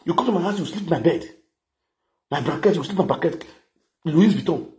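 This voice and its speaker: A man's voice: fairly high pitch, expressive, a little fast, dark tone. A man with a Nigerian accent ranting to camera in a boastful, crude, mocking way, repeating his phrases. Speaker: vlogger.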